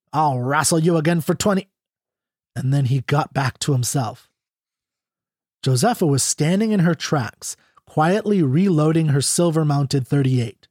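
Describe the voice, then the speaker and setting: A man narrating a classic short story in a measured, expressive audiobook reading. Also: on the high side, no echo, clean studio sound.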